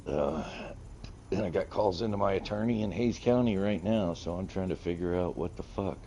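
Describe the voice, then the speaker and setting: A man streaming a game, telling a long story in casual, profane chat with lively retold quotes. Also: deep voice, normal speed, slight background noise. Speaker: gaming streamer. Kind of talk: casual chat while gaming.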